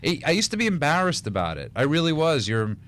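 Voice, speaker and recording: A man's voice: on the high side, wildly swooping pitch, fast, a bit bright, slight background noise. A man co-hosting a casual radio talk show, telling stories in a rambling way with many restarts and laughs. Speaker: radio co-host.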